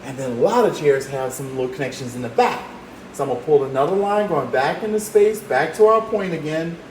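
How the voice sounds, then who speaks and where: Upbeat art teacher in an echoey room. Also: male voice, fairly high pitch, expressive, a little fast, a little mellow, a little hiss or hum. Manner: encouraging, talks while drawing step by step. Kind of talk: drawing demonstration. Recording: roomy echo, faint ambience.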